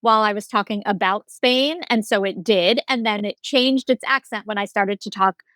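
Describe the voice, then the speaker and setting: A woman co-hosting a podcast in casual chat, explaining news in a relaxed way. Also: medium pitch, moderate pace, no room sound. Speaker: podcast co-host.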